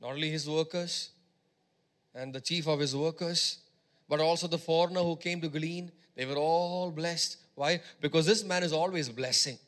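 A man preaching a sermon, repeating phrases for emphasis and swinging between loud exhortation and quieter teaching. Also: on the high side, fairly even intonation, normal speed.

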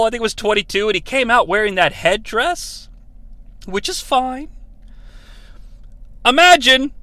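Man, sarcastic, profane, comedic movie recap, lively swooping pitch, dry close sound. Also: dry recording. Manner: sarcastic, profane, animated retelling. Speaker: podcast host.

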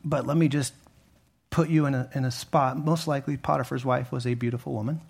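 A male pastor preaching a sermon in a conversational way, rising to emphatic peaks and dropping low again, with frequent restarts. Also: fairly even intonation, a little fast, gravelly, slightly rough.

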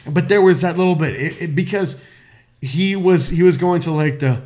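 A tipsy man on a podcast, telling a story in casual chat with loud laughs and swearing. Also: fairly high pitch, animated, normal speed. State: tipsy from drinking. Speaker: podcast co-host.

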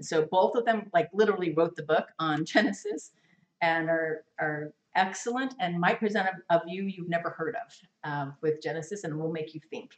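A woman teaching a women's Bible study class to a live group, lively and chatty, laughing often and acting out quotes. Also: lowish voice, far from the mic. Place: meeting room with a live class. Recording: echoey room, voice from afar.

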